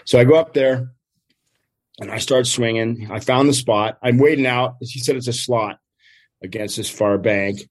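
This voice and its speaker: An older man, a fishing guide, telling a story with lively energy and acting out what people said. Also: moderate pace. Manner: lively, acts out quotes with big pitch jumps, laughs often. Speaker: steelhead fishing guide, guest. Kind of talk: animated storytelling.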